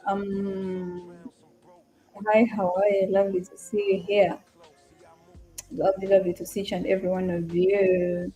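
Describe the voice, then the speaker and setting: A young woman with an East African accent talks casually on a live stream, greeting viewers by name and answering their comments as they come in. Her voice is warm and mellow, with soft music playing faintly behind her. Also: mid-range voice, level tone, unhurried, pauses often, lo-fi sound. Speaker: live-stream trader and host.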